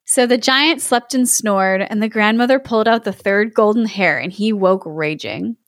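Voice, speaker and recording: A woman's voice: mid-range voice, moderate pace, dry recording, clean studio sound. A woman reading a fairy tale aloud with an amused manner, chatting between passages. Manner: amused, laughs often while reading. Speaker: storyteller and co-host. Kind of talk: casual storybook reading with chat.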